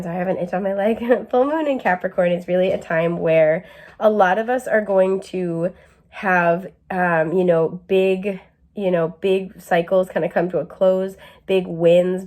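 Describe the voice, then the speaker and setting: A woman's voice: on the low side, a little mellow. A young woman giving a casual tarot and astrology reading, chatty with lots of fillers and an occasional cough. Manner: chatty, many fillers, asides to camera. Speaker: tarot reader.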